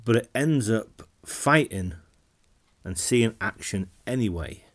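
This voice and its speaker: A man with a fairly low voice gives a casual film review vlog. He talks to camera in a relaxed, rambling way. He often repeats words and restarts sentences as he goes. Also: slow pace.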